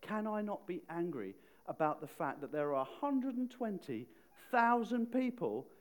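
God as a gentle, patient voice asking searching questions, as a preacher puts him on. The voice sits a little high and stays soft-spoken. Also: male voice, big pitch swings, moderate pace.

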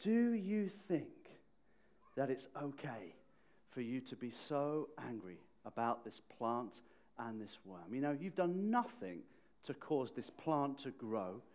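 A man voicing God, gently questioning a sulking prophet. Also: mid-range voice, big pitch swings, takes it slowly. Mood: gentle.

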